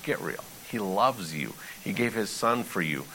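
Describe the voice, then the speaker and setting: A man preaching a sermon in an animated, conversational way, reading scripture and pleading with emphasis. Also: lowish voice, measured pace, slight background noise, poor audio. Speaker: pastor.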